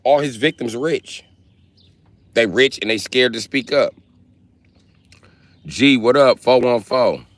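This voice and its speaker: A man from the Milwaukee area doing a comedic livestream rant, profane and animated as he tells stories. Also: medium pitch, slow, long pauses, no room sound. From Milwaukee area, United States.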